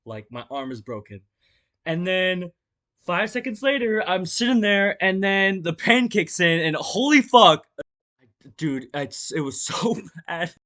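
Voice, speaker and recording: A young man with a voice pitched a little high talks straight to camera in a casual storytime vlog. He rambles, restarts his sentences and leans on fillers, swearing freely. He acts the story out with his body as he goes. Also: big pitch swings, unhurried, bright, forceful tone. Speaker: vlogger.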